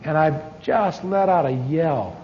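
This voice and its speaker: A middle-aged man preaches a testimony sermon, telling his personal story candidly with wry asides. His voice runs on the high side and he speaks a little slowly. The archive recording sounds dull, with long hall reverb and a faint hiss or hum.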